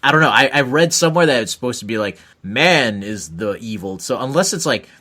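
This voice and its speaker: A man's voice: mid-range voice, expressive, a little fast, sharp tone. A man co-hosting a podcast in casual chat, blunt and heavy on swearing. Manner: profane, blunt, laughs at own jokes. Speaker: podcast co-host.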